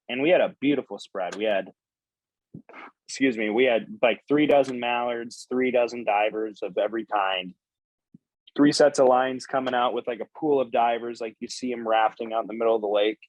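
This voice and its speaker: A man's voice: medium pitch, no echo, poor audio. A man in a casual podcast chat, telling a story animatedly and swearing casually.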